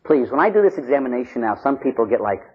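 A man preaching a sermon as a priest, intense, swinging between loud pleading and hushed tones. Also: medium pitch, sing-song, quick pace, slightly rough, highs cut off.

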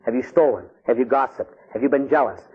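A male Catholic priest from Pittsburgh giving a blunt, animated preaching talk with joking asides. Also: mid-range voice, quick pace, slightly rough. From Pittsburgh, USA. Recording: dull lo-fi recording.

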